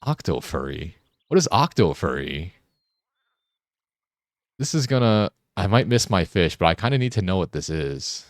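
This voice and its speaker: A young man with a low, deep voice chats casually while streaming a game. He teases and jokes, often tripping over his own sentences. The sound is dry and close, with no room echo. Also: big pitch swings, moderate pace, pauses often. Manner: joking, teasing banter with frequent restarts. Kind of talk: casual chat while gaming.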